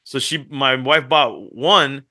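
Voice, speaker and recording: A middle-aged man on a podcast, telling family stories in an animated way and acting out what his wife and kids said. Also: medium pitch, slow pace. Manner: animated storytelling, acts out family quotes. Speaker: podcast co-host. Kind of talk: casual chat.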